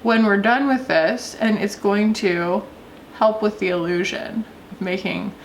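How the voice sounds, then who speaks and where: A woman's voice: mid-range voice, measured pace, a little hiss or hum. A woman vlogger talking casually through a makeup tutorial, chatty and loose, often laughing. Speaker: beauty vlogger.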